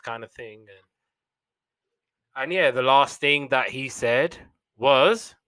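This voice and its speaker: A man's voice: medium pitch, fairly even intonation, slow pace, pushed and bright, clear, resonant tone, dry recording. A young man hosting a podcast, casually retelling old cartoon episodes in a rambling way with fillers and restarts.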